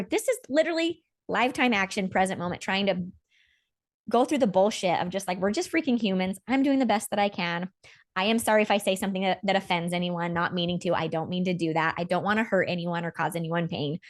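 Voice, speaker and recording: A woman's voice: medium pitch, fast talker. Earnest rambling woman host. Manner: earnest, rambling, animated about feelings. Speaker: podcast host. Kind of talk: casual spiritual chat.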